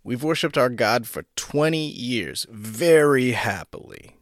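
A man voicing a weary, guarded woman who turns away a salesman, with flat, tired refusals in a storybook reading. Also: mid-range voice, slow pace, dry recording, studio quality.

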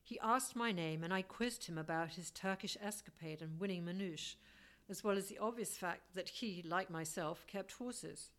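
A woman's voice: lowish voice, normal speed. A woman reading a first-person story aloud as an audiobook, with a wry, lightly humorous manner. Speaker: audiobook narrator. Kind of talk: storybook narration.

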